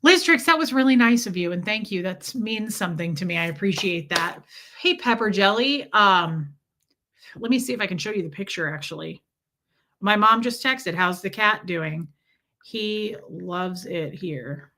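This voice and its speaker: A woman's voice: medium pitch, expressive, normal speed, pushed and bright. A middle-aged woman hosting a casual livestream, chatting and reading out viewer messages. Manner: chatty, reads out chat messages, coos at a kitten. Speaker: livestream host.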